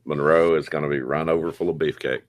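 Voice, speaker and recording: A man's voice: a bass voice, fairly even intonation, quick pace. A man hosting a podcast, joking with his guests in casual banter. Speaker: podcast host.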